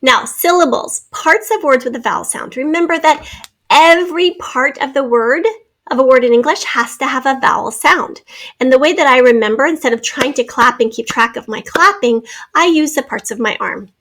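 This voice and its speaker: Woman, phonics teacher, slightly high voice, stretches out each sound. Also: fairly bright tone. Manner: slow, careful sounding out of words. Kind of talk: spelling and phonics lesson. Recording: recorded lesson video.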